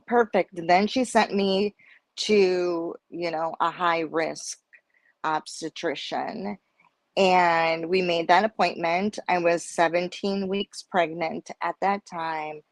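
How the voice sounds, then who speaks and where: A woman's voice: lowish voice, dry recording. A middle-aged woman telling a personal story on a panel chat, acting out the voices of people in it. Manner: animated storyteller acting out dialogue. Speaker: guest.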